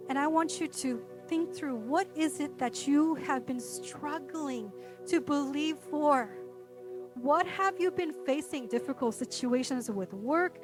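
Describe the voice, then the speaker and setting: A woman pastor preaching a sermon, emphatic, swinging from bold declarations down to a quiet hush. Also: sits high, measured pace, music in the background.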